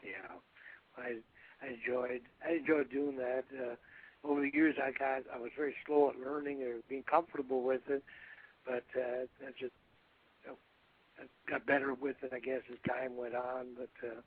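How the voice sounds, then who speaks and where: An older man talks in a loose, rambling way, with plenty of pauses and restarts. His voice is husky. He is heard down a tinny, phone-like line. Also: mid-range voice, steady tone. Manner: rambling, halting, calls hosts "brother". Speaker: guest, retired wrestler. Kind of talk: phone-in radio interview.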